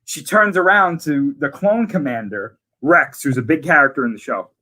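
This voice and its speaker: A man's voice: fairly high pitch, moderate pace, pushed and bright. A man in casual conversation, eagerly retelling scenes from a series in detail. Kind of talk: casual chat.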